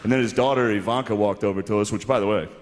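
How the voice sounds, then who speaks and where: A man's voice: lowish voice, fast. A male comedian telling a rambling story in stand-up at an awards show, laughing between lines. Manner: rambling anecdotal delivery with laughs. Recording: echoey hall with faint noise.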